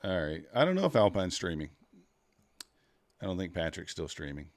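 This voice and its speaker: A man livestreaming his futures trading, chatting casually and rambling to viewers while fiddling with his software. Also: sits low, sing-song, normal speed, no room sound.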